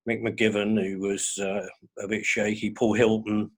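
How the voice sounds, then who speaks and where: An older man chatting as a guest, telling wry, measured stories in a husky voice. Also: on the low side, level tone. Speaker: guest fan. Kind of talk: casual chat.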